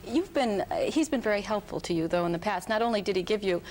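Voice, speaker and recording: A woman's voice: mid-range voice, animated, fast, darkish tone, slight background noise. A woman hosting a broadcast interview and prompting her guest with conversational questions.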